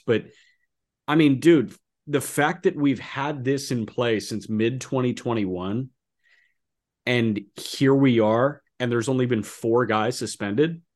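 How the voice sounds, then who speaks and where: A man co-hosting a casual sports podcast in a mid-range voice. He jumps from easy chatter to loud disbelief and leans on fillers as he goes. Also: medium pitch. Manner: animated, incredulous outbursts, many fillers. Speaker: podcast co-host. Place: apartment.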